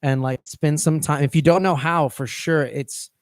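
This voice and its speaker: A man's voice: on the high side, fairly even intonation, normal speed, dry recording, studio quality. A man co-hosting a fitness coaching podcast, talking casually and rambling, often restarting his phrases.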